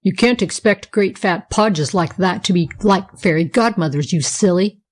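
A smug young boy, nearly nine, teases in a plain, matter-of-fact tone, as a woman reads him in an audiobook. He stays close to the narrator's own mid-pitched voice, only a little cooler and more clipped. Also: normal speed, close to an everyday voice. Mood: teasing.

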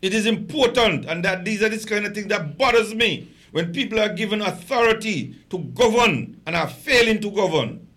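Leidenschaftlicher Mann mit hellem Klang. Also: male voice, high voice, lively intonation, moderate pace, fairly bright tone. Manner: passionate, emphatic, stammering repeats. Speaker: guest, political activist. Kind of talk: impassioned radio talk.

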